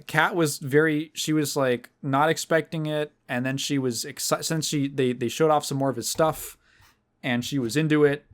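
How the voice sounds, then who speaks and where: A man hosting a podcast, telling a story in a casual, rambling and animated way. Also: mid-range voice. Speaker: podcast host. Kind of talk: casual chat.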